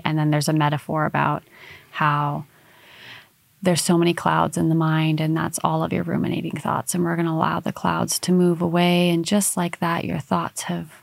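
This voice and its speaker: Speaking at a moderate pace in a low, creaky voice, the hypnotherapy guest chats casually and tells animated stories, often restarting and using lots of fillers. The recording has no echo.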